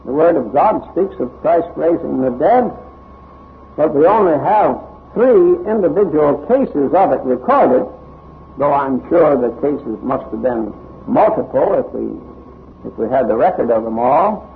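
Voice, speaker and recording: A male preacher delivers a sermon at a slow, deliberate pace, reading scripture with dramatic emphasis. His fairly high voice rises and falls widely. The recording is thin and tinny, like a phone line. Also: animated, gravelly, slight background noise. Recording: tinny narrow-band recording.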